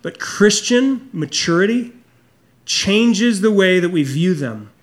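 A pastor delivers a sermon in an earnest, confessional way, animated yet slow, frequently lowering his voice to a soft hush to emphasize a point.

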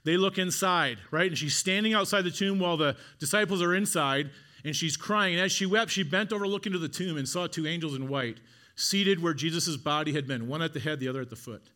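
A man delivering a sermon in a bright, somewhat high voice. He tells the story with drama, falling quiet and then rising into emphatic, repeated lines. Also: fairly quick. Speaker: preacher.

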